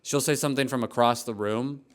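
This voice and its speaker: A young man co-hosting a casual comedy podcast, telling everyday stories and acting out both sides of a conversation. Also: fairly quick. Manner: animated storyteller, acts out exchanges with pitch jumps. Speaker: podcast co-host.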